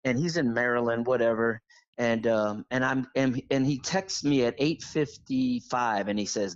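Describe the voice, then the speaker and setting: A man phones in to a live stream, all worked up and rambling through his story in excited bursts. His voice comes through a dull, dry, muffled line. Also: medium pitch, normal speed, no echo. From Florida. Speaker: caller.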